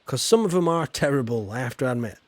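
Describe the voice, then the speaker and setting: A chatty man with a Yorkshire accent, talking through a game stream in a loose, self-deprecating way. His voice sits at a middling pitch, and he answers his chat as he plays. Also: lively intonation, quick pace, slight background noise. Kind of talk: casual livestream commentary.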